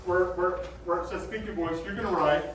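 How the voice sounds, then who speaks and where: A man with a bass-baritone voice teaching a middle school choir class, animated and demonstrative, often checking that the students follow. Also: fairly quick, noisy background. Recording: echoey room, voice from far off.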